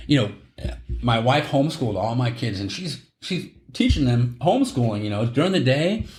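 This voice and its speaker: A middle-aged man hosts a podcast in a casual storytelling chat, spinning a long, rambling tale, correcting himself and laughing at his own story. His voice is medium-pitched and darkish, with lively intonation and a fairly quick pace. The recording has a roomy echo.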